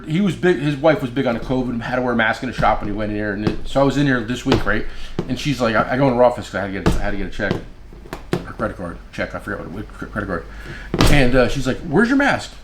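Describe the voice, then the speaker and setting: A tool dealer tells stories in a casual chat, animated and swearing, acting out the voices of the people he quotes. His voice is mid-range, and the recording sounds roomy with a noisy background.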